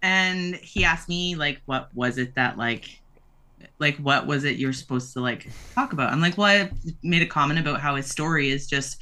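Bright, hesitant woman guest. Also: low voice, normal speed. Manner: hesitant, many fillers, earnest suggestions. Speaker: podcast guest. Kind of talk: casual chat.

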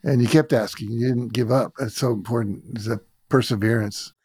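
A man hosting a podcast talks through stories in an easy, reflective way. His voice sits at a middle pitch. The sound is dry and close. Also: fairly even intonation, fairly quick, darkish tone, slightly rough, no echo. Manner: storytelling, reflective. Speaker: podcast host. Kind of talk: casual interview chat.

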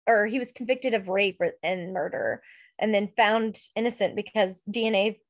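A woman's voice: mid-range voice, moderate pace, no room sound. A young adult woman co-hosting a casual podcast, chatty and full of "like" and "um". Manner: chatty, filler-heavy with frequent "like". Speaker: podcast co-host. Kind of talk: casual chat.

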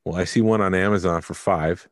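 A man's voice: sits low, steady tone, fairly quick, no echo, studio quality. A man co-hosting a podcast, chatty and joking while reading prices aloud. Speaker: podcast co-host. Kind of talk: casual chat.

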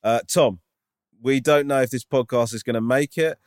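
A man's voice: mid-range voice, fairly even intonation, normal speed, noisy background. A man co-hosting a podcast, chatting in a self-deprecating way with laughter. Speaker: podcast co-host. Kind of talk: casual chat.

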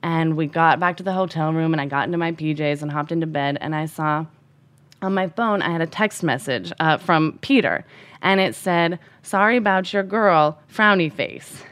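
A woman telling a personal story with an animated, emphatic delivery. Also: low voice, normal speed.

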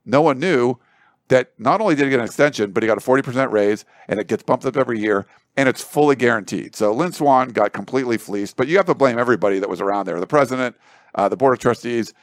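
A man's voice: medium pitch, fast talker, no echo. A man giving casual sports commentary on a studio talk show, rambling and thinking aloud with lots of filler words and food analogies.

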